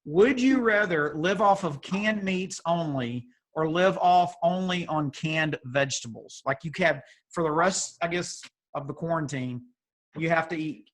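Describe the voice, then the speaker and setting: The speaker is a youth group leader, a man whose voice is somewhat high and a bit bright, talking at normal speed. He hosts a casual video call playfully, teasing and slipping into chatty asides, and his audio comes through a video call mic.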